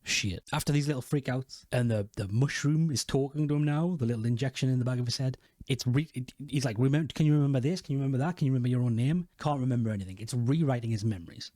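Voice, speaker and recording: A man's voice: mid-range voice, fast talker, warm tone, no room sound. A man talks through a show recap in a loose, rambling way, swearing freely and stopping to correct himself. His voice sits in a mid male register. It is recorded close and dry, with no room sound. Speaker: video host. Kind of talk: casual reaction commentary.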